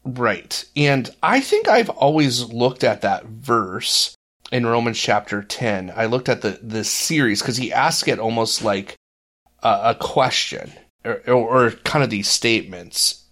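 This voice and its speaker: A man's voice: medium pitch, expressive, a little slow, fairly bright tone. A man co-hosting a faith podcast, telling a personal story in earnest and acting out the voices of others. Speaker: podcast co-host. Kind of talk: casual faith discussion.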